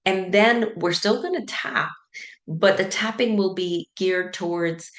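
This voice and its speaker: A woman's voice: lowish voice, normal speed, echoey room. A woman sleep coach talking casually, explaining ideas and acting out worried thoughts, with lots of "like" and "right?". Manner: conversational, acts out inner thoughts with filler "like" and "right?". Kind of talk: casual teaching talk.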